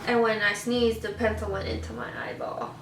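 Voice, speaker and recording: A young woman vlogger tells stories casually over a meal, animatedly acting out scenes and voices at a moderate pace. Her medium-pitched voice is off-mic and distant, with roomy echo and a lot of noise.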